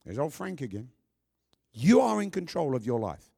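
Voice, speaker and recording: Lively, emphatic man preaching. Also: a little high, normal speed, creaky, slightly rough. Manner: emphatic, with joking asides to the congregation. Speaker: pastor. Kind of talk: sermon.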